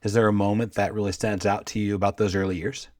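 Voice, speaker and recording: A man hosting a podcast and asking the guest long, measured questions. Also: on the low side, level tone, darkish tone. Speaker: podcast host. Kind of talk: interview questions.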